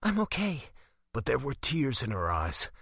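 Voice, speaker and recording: A man voicing a young female werewolf princess who speaks softly, gentle but quietly determined. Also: medium pitch, huge pitch swings, a little slow, creaky, slightly rough, dry recording, studio quality, full character voice. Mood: tender.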